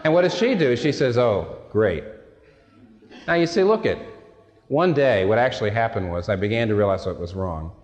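A man's voice: medium pitch, lively intonation, fairly quick. A male pastor preaching a sermon in a conversational, storytelling way, with self-deprecating asides. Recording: long hall reverb.

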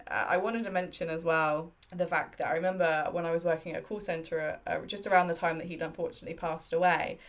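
A woman's voice: fairly low pitch, creaky. A woman in her thirties telling personal stories in a candid, heartfelt way during a casual chat. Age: 30s.

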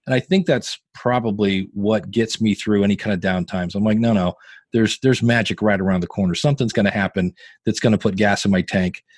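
A man's voice: on the low side, fairly quick, breathy edge, no room sound. A man in his fifties from Ohio, telling stories in a casual interview as a podcaster and guitarist. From Northeast Ohio. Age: 50s. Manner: chatty storyteller, animated quoting of others.

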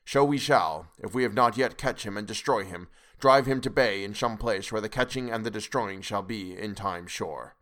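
A wise, patient elderly professor, read by a man, lays out his plan in a deliberate, lecturing way. The voice sits low and unhurried, an audiobook character weighing every word. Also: a bit bright, lightly acted. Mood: measured.

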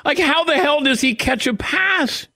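A man hosting a sports radio show, chatting conversationally with his guest. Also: measured pace. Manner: conversational, lively pitch swings.

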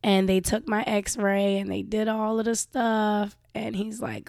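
A woman's voice: medium pitch, flat delivery, unhurried, vocal fry, few pauses, a little mellow, dry recording, clean studio sound. Sick, coughing young woman venting. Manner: venting, profane, addresses listeners as y'all. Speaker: show host. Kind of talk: candid casual monologue.

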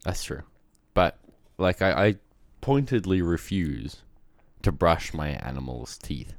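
A man's voice: sits low, expressive, slow, gravelly, no room sound. A man co-hosting a casual podcast chat, trading wry, offhand jokes.

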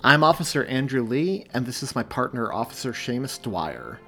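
A man voicing a calm, steady police officer in an audiobook, speaking in a reassuring way. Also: mid-range voice, normal speed, gravelly, soft background music, full character voice.

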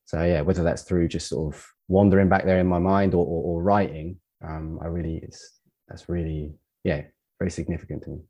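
A man from the United Kingdom, a poet as a podcast guest, talks in a reflective, halting way with many fillers and restarts. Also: deep voice, fairly even intonation, mellow, breathy edge. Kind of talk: casual podcast conversation.

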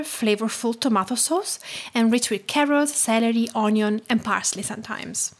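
A woman in her thirties from Tuscany with an Italian accent, calmly narrating her podcast in a measured, sometimes hushed way. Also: on the high side. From Tuscany, Italy. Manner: calm, measured storytelling, often soft and hushed. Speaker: podcast host.

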